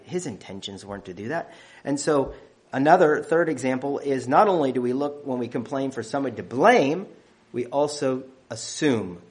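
A man preaching a sermon, counting off numbered points with emphatic stress on key phrases. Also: medium pitch.

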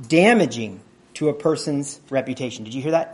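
A man preaching a conversational sermon in a slightly raised, husky voice. He teaches plainly, puts questions to his listeners and clears his throat now and then. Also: a little high, lively intonation, moderate pace.

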